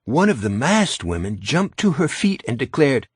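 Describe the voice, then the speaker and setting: A man narrating an audiobook in a wry, even storytelling manner, recorded close. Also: medium pitch, moderate pace, husky, no echo. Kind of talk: scripted narration.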